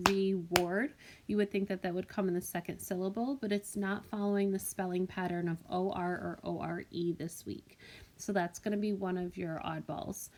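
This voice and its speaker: Woman, classroom teacher voice, gentle and clear, recorded on a tablet for young students. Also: mid-range voice. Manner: gentle, clear teacher talk, clapping out syllables. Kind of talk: recorded phonics lesson for children. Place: voice-over for a whiteboard app. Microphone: tablet microphone.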